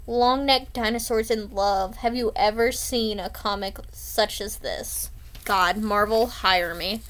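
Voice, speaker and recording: A woman's voice: medium pitch, a bit bright. A young woman vlogger giving playful, sarcastic commentary on her old drawings. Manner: playful, mock-dramatic, sarcastic.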